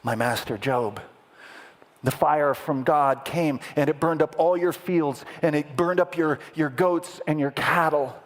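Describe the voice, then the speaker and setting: A man's voice: on the high side, unhurried, natural voice. A man doing a grim servant delivering bad news. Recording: echoey hall with long reverb.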